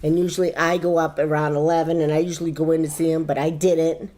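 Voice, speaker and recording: A woman's voice: low-pitched, fast. A middle-aged woman, a bereaved mother, recounting a family story in an interview and acting out the voices in it. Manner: animated storytelling, acts out voices in quotes. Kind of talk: emotional interview recollection.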